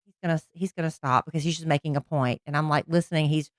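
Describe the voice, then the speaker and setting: A woman's voice: sits low, steady tone, quick pace, no echo, clean studio sound. A woman, co-hosting a podcast, teasing and laughing as she chats. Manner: playful, teasing, laughs often. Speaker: podcast co-host. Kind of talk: casual storytelling chat. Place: in a car.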